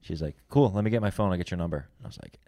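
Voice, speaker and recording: A man's voice: sits low, expressive, racing, mellow, no room sound, clean studio sound. A young man chatting casually on a podcast, telling stories loosely and swearing a lot. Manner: loose storytelling, acts out quotes, swears a lot. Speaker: podcast co-host, comedian.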